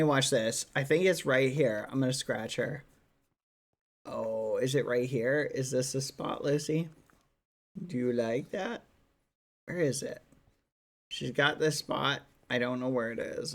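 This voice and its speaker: A man's voice: medium pitch, a little slow. A man streaming casually, chatting to viewers while coaxing his dog. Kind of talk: casual livestream chat.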